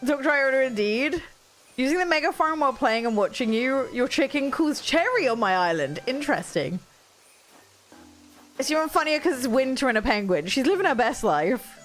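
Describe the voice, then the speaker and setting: A woman chats casually on a live game stream, answering viewers as she goes. Her voice sits high and swings widely up and down. Faint music plays behind her. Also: sing-song, moderate pace. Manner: chatty, reacts to viewers' comments. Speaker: streamer playing a video game.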